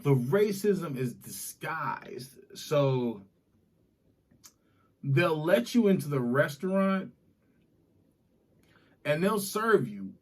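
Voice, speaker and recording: A loud, animated man from Boston who grew up in the South, riffing on a comedy podcast. His voice sits a bit high and he breaks into laughter often. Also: extremely slow, pauses often. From Boston, raised in the US South. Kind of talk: casual comedic podcast banter.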